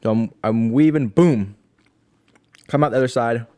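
A man's voice: mid-range voice, fairly even intonation, fast talker, warm tone, clean tone. A young man telling a story in casual chat as a podcast co-host, laughing often.

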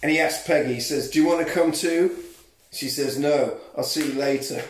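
A man with a fairly high voice, retelling a film scene by scene and dipping into its dialogue. He is recorded in an echoey room. The talk is casual comic podcast banter. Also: moderate pace, slight background noise. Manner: recounts plot, acting out film lines. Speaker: podcast co-host. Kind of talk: casual comedic film recap.

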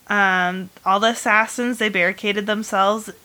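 A woman's voice: mid-range voice, fairly even intonation, a little slow, pushed and bright. A woman hosting a casual chat, telling a history story in a rambling, chatty way full of fillers and bursts of humor. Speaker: host.

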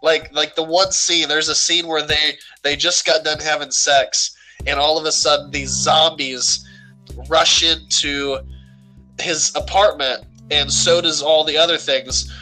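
Bright-voiced man recapping a movie. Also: fairly high pitch, measured pace, faint music behind, low-quality recording. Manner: animated, storytelling recaps. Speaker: movie reviewer. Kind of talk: casual chat.

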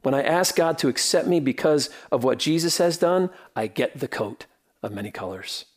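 Earnest male pastor preaching softly. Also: medium pitch, animated, normal speed. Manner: earnest, rhythmic preaching with soft dropped phrases. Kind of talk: sermon.

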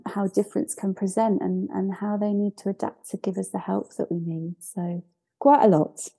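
A woman's voice: on the low side, dark tone. A woman in her forties, raised in Scotland, speaking earnestly as a podcast guest, hesitant with frequent restarts. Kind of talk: reflective interview talk.

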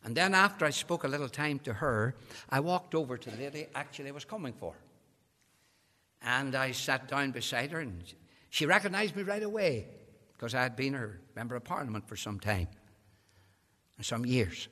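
A man's voice: medium pitch, sing-song, normal speed. Impassioned preacher, man. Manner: impassioned, building to shouted climaxes. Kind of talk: evangelistic sermon. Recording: long hall reverb.

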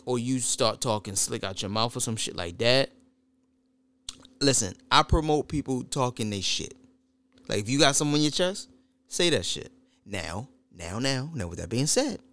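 A man with children, in casual chat, blunt and profane, telling stories with lively delivery. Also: medium pitch, normal speed. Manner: blunt, profane, animated, laughs at his own jokes.

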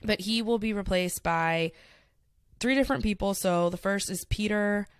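A woman's voice: medium pitch, smooth, no echo, clean studio sound. A young woman co-hosting a podcast, chatting casually and peppering her talk with "like.". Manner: chatty, fillers of "like", quick laughs. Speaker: podcast co-host. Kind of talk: casual chat.

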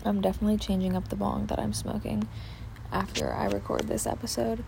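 A young woman with a dark, mid-range voice, little pitch movement, vocal fry and a brisk pace hosts a casual chat podcast. She rambles with many fillers and swears freely. It was recorded in a backyard, with faint outdoor ambience in the background.

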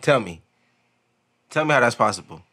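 A man's voice: mid-range voice, expressive, moderate pace, sharp tone. A man co-hosting a casual podcast, dropping dry offhand remarks. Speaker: podcast co-host. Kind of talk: casual chat.

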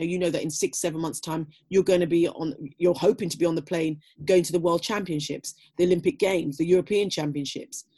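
A woman's voice: lowish voice, a little mellow, breathy edge. A middle-aged woman talking casually as an interview guest, reflective and full of "you know" fillers. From Britain. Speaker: guest, former athlete.

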